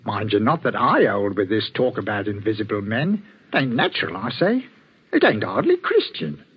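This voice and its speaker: A husky village greengrocer. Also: male voice, fairly low pitch, very animated, normal speed, exaggerated voice. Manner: deferential, blunt, dropped-h country speech. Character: gruff working-class village greengrocer, middle-aged, superstitious. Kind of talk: 1940s radio acting. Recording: dull old radio recording.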